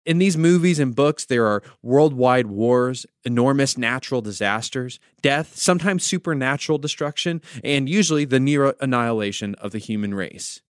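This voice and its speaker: A man's voice: mid-range voice, lively intonation, moderate pace, few pauses, clean tone, no echo, clean studio sound. A man from the United States, a pastor hosting a devotional podcast, teaching through conversational storytelling with wry asides.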